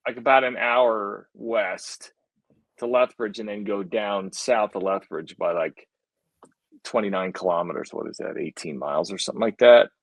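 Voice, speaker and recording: A young man from Canada, a podcast guest telling stories in a rambling, animated way with many restarts. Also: lowish voice, normal speed, creaky, dry recording, rough recording. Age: young adult. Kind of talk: casual chat.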